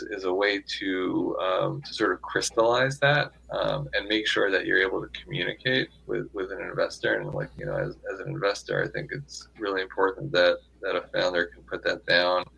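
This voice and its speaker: Gravelly-voiced man, halting interview guest. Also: deep voice, expressive, pushed and bright, muffled recording. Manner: halting, many restarts and fillers. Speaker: guest investor. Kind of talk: casual interview talk.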